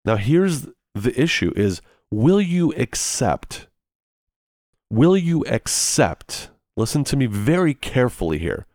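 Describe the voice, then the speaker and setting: A man's voice: mid-range voice, sing-song, measured pace, few pauses, darkish tone, no room sound, clean studio sound. A man preaching a sermon in an earnest, pleading way, repeating phrases for emphasis.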